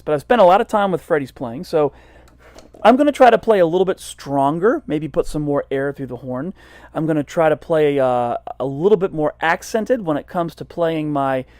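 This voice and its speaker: Male jazz educator, relaxed and self-deprecating, slightly high voice, dry mic. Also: dry recording. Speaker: jazz trumpet teacher. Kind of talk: casual instructional talk.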